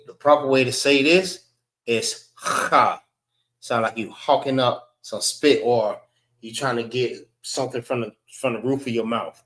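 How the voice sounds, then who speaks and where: A man teaching an alphabet class, drilling letter sounds slowly and repeating them for his students. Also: medium pitch, echoey room. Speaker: class instructor.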